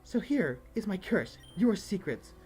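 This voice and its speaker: A woman streamer voicing a wounded young witch in a dating game, speaking slowly and gravely. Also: medium pitch, sing-song, darkish tone, faint music behind, full character voice. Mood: bitter, solemn.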